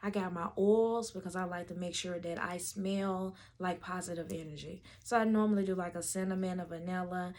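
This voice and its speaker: A woman, a doula telling a story to camera in a lively way and acting out the voices of the people in it. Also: on the low side, brisk, few pauses.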